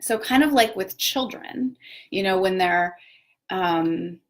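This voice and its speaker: A woman's voice: medium pitch, takes it slowly. A woman, a parent, hosting a casual live talk on personal growth, chatty and reflective, with many fillers and self-corrections. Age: adult parent of children. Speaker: host of a live video talk.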